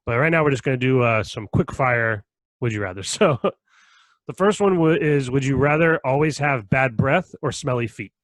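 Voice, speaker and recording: A man's voice: medium pitch, moderate pace, no echo. A man hosting a casual podcast chat, laughing often as he reads out would-you-rather questions. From Irish family background. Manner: laughs often, relaxed and joking. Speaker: podcast host.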